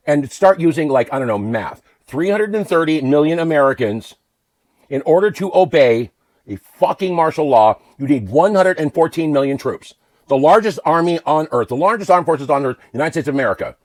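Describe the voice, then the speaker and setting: Profane, exasperated man ranting, dry sound. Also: no room sound. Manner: swings between low muttering and shouting. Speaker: vlogger. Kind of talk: political rant monologue.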